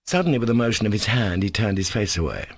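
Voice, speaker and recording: A man narrating an audiobook in a steady, measured reading voice. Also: fairly low pitch, husky, no echo, studio quality. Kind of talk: scripted narration.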